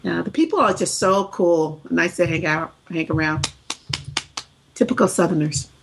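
Lowish Southern American woman, laughing easily. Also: animated, moderate pace, creaky, noisy background. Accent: softened Southern American. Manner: laughs often, hesitant with fillers. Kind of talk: casual chat.

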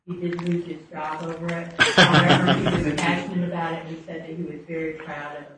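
A woman speaks up from the audience in a flat, hesitant voice with fillers. She is far from the mic and sounds heavily echoey, and clear noise sits behind her. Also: deep voice, brisk. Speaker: audience member. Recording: distant, echoey and noisy room.

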